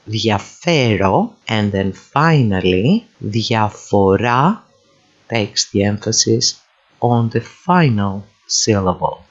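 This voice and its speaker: Slow, patient male language teacher. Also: on the low side. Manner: slow, patient, enunciates words for repetition. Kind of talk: recorded slide lesson voice-over. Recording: dull lo-fi voice-over.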